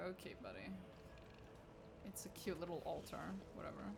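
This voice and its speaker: A woman's voice: low voice, very animated, moderate pace, vocal fry, background noise. A woman streaming a video game, reading its text aloud and reacting with sarcastic, profane asides. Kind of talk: casual game commentary.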